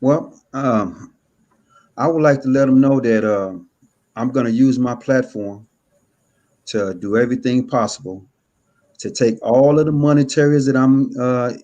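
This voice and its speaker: A man's voice: mid-range voice, unhurried, dark tone, muffled recording. Hesitant man guest from California. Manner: hesitant, many "uh" fillers, earnest.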